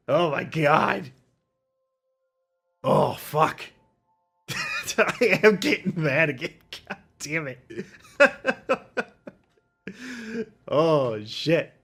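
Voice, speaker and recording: A young man hosting a solo podcast livestream, ranting in a heated, profane way and mocking people with sarcastic quoted voices. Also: mid-range voice. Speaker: podcast host.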